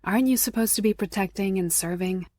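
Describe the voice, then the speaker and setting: A woman narrator voicing a free-spirited young witch in an audiobook, talking quick and indignant. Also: medium pitch, darkish tone, no echo, clean studio sound, natural voice. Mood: flustered.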